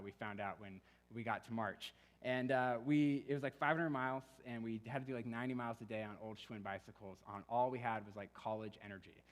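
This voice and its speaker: A young man preaching a sermon in a relaxed, conversational way, telling stories and acting out quoted voices. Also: lowish voice. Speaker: pastor. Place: church hall. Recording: long reverb of a church hall.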